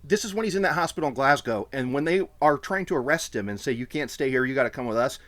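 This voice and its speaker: A man co-hosting a podcast in casual chat, animated and quick to laugh as he retells events. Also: medium pitch. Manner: animated, laughing, mimics quotes. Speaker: podcast co-host.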